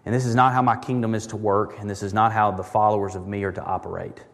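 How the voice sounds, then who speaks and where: A man's voice: on the low side, flat delivery, fast. Guy pastor preaching, chatty but emphatic, lots of reverb like a big church. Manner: conversational preaching with emphatic repetitions. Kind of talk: sermon.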